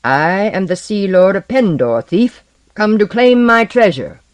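A man's voice: sits high, very animated, a little slow, smooth, no room sound, voice pushed up. A man voicing an arrogant, boastful sorcerer sea lord in a story reading, taunting, proud and commanding. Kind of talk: audiobook reading.

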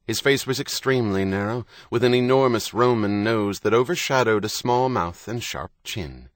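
A male narrator reads a novel in steady, even scripted narration. His voice sits low in pitch. The recording is dry and close, with no room sound. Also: normal speed, no echo. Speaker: audiobook narrator.

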